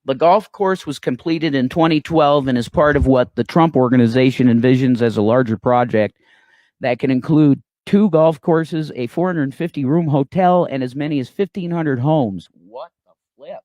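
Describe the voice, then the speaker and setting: A man's voice: mid-range voice, moderate pace, a little mellow, no room sound. Emphatic male livestream host. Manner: emphatic, preachy, rising to a raised voice. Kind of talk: casual political chat. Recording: dry close sound.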